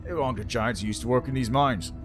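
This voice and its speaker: A man voicing a gruff, blunt male mine dweller in a near-everyday voice. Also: mid-range voice, fast talker, over music, natural voice.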